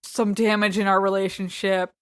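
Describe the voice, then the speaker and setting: A woman's voice: medium pitch, level tone, moderate pace, fairly bright tone, clean tone. Laid-back sarcastic woman co-host. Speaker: podcast co-host. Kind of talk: casual recap chat.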